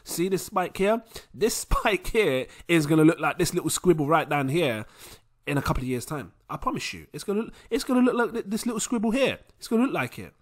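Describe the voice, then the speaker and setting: A young man hosting a casual crypto vlog, animated and laughing often. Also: on the high side. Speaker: crypto video host.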